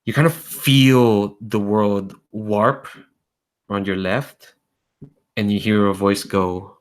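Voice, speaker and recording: A man's voice: lowish voice, takes it slowly. A man narrating a tabletop role-playing game as game master, casually thinking aloud. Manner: relaxed, thinking aloud with fillers.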